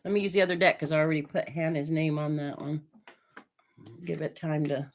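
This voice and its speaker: A woman's voice: low-pitched, fairly even intonation, fairly quick. A woman from Oregon chatting on a live stream while she gives a tarot reading, with lots of fillers and hesitations. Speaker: tarot reader.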